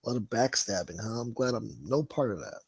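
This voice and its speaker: A man's voice: mid-range voice, animated, brisk, creaky, slight background noise. Profane rambling man reading chat. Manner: rambling, swears a lot, laughs. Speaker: livestream host reading chat.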